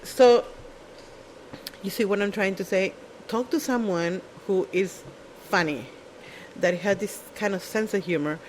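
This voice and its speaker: Casting: mid-pitched, blunt, swearing storyteller, non-native phrasing, sarcastic asides, faint noise behind. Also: poor audio. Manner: blunt, profane, sarcastic, mimics other people. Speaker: show speaker. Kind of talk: casual storytelling monologue.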